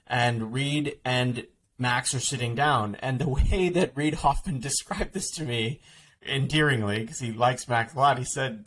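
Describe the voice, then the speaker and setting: A man, an author being interviewed on a podcast, talking quickly in a rambling, casual way full of "like" fillers and restarts. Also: mid-range voice, fairly bright tone.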